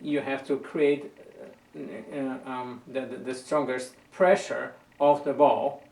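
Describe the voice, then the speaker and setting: A man's voice: medium pitch, steady tone, takes it slowly, vocal fry, darkish tone. A man teaching a violin lesson, patiently coaching and often repeating words as he searches for the right phrasing. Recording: roomy sound from a distant mic.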